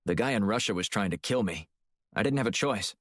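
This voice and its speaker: A man's voice: lowish voice, lively intonation, a little fast, a bit bright, dry recording, clean studio sound. Wry, terse male operative, read by a narrator.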